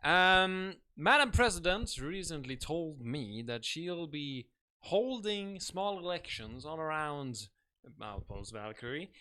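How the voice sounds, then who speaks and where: Dry-witted male radio co-host, bright tone. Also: on the high side. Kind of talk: comedic radio banter.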